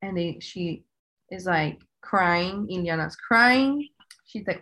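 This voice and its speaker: Podcast guest, woman, lowish voice, easygoing storyteller with fillers. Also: moderate pace. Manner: relaxed, telling family stories with fillers. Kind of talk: casual storytelling.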